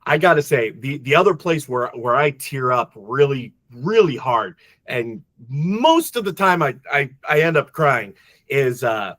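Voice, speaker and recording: A man co-hosting a casual movie podcast, talking in halting bursts full of restarts, and openly emotional. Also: mid-range voice, expressive, a bit bright, no room sound. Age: adult father. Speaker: podcast co-host.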